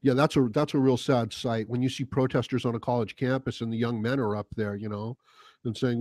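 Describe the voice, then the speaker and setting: A man's voice: mid-range voice, steady tone, a little fast, darkish tone, no room sound. A man hosting his own vlog, talking off the cuff in a blunt, sarcastic, rambling manner. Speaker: host. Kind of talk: opinion rant vlog.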